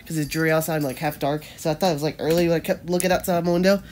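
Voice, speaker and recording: A woman's voice: deep voice, steady tone, racing, a little mellow. A young woman vlogging casually with a stuffed-up nose that makes her voice nasal, rambling and saying "like" a lot. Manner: rambling, heavy use of "like". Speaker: daily vlogger. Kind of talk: casual vlog chat.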